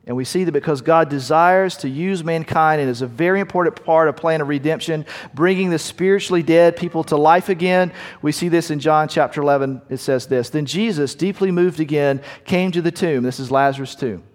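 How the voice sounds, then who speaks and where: A man preaching a sermon, slowing down to stress key words and dropping to a hush at the ends of lines, in a church sanctuary. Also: a little high. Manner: slows down to stress key words, drops to quiet at line ends. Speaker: pastor. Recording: long hall reverb.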